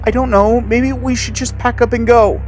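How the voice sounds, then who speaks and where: A man's voice: very high-pitched, steady tone, moderate pace, darkish tone, soft background music, pitched above the performer's own voice. A man voicing a scared teenage boy in a read-aloud horror story, urgent and frightened. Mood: uneasy.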